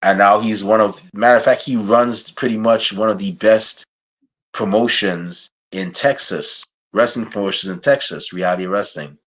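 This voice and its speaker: A man from Guyana hosting an interview podcast, chatting casually and getting animated as he jokes around. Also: lowish voice, normal speed. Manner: animated, laughing while putting on a playful accent. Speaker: podcast host.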